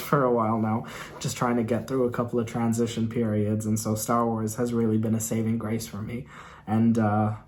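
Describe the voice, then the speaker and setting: A man's voice: mid-range voice, darkish tone. A man hosting a reaction video in his bedroom, talking about a show in an earnest, emotional, rambling way. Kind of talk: casual film review talk.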